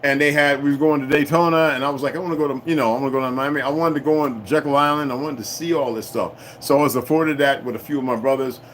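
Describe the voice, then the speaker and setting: A man's voice: medium pitch, steady tone, fast talker, hardly any pauses, fairly bright tone, slight background noise. A middle-aged man hosting a casual livestream, rambling and swearing freely, laughing often and talking back to his chat. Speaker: livestream host.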